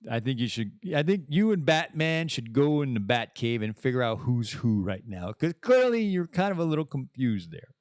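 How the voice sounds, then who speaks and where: A man's voice: mid-range voice, sing-song, moderate pace, few pauses, darkish tone, dry recording, studio quality. A man hosting his own podcast, talking casually in a rambling, self-interrupting way with playful asides. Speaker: podcast host. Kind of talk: casual solo podcast monologue.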